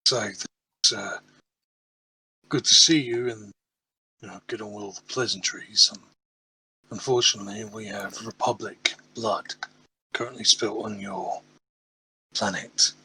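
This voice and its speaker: A man playing a tabletop game, speaking in character, measured and a little hesitant. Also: on the low side, fairly even intonation, pushed and bright, breathy edge, rough recording. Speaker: player.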